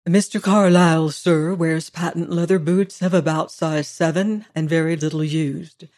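A reader voicing a deferential male butler who speaks in a measured, exact and formal way. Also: mid-range voice, steady tone, darkish tone, natural voice.

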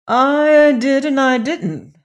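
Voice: sits high, slow pace, pitched above the performer's own voice. A reader doing an earnest young prince. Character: young prince, eager and lovesick. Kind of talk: storybook reading.

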